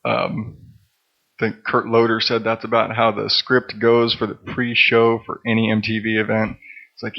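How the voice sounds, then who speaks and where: A man's voice: lowish voice, completely flat delivery, normal speed, vocal fry, muffled recording. A man hosting his own podcast, talking casually in a rambling, profane, self-deprecating way. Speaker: podcast host. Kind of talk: casual solo monologue.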